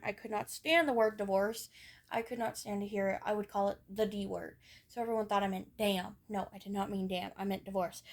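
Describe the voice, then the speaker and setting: A young woman talking candidly about her childhood in a personal vlog, rambling a little with frequent fillers. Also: medium pitch. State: has hiccups. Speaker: vlogger. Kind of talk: personal storytelling to camera.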